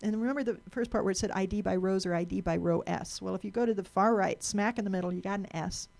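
A woman lectures a room in a mid-range voice roughened by vocal fry. She talks in a chatty way, often repeating and restarting words as she goes. She stops to put questions to the audience. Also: mid-range voice, quick pace, a little mellow. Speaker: speaker giving a talk.

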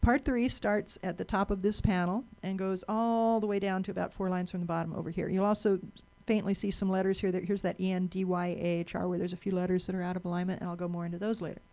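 A woman's voice: fairly low pitch, flat delivery, quick pace, hardly any pauses, dark tone. A woman giving a talk to a live audience, chatty, asking the room questions and often repeating and restarting words.

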